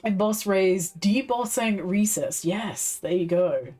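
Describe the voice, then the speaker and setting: A young woman streams herself doing leathercraft, chatting casually and giggling as she works, a little off the mic with faint music behind her. Her voice is mid-range, slow and warm, and it sounds recorded from a distance.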